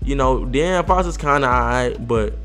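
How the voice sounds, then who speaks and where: A young man giving a slangy, excitable gameplay commentary voice-over, trash-talking his opponent. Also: mid-range voice, normal speed. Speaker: gaming video creator.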